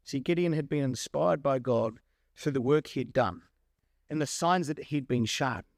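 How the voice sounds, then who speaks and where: Animated male preacher with a high voice. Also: no echo, studio quality. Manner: emphatic preaching, addresses the congregation directly. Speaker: Bible study speaker. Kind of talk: sermon.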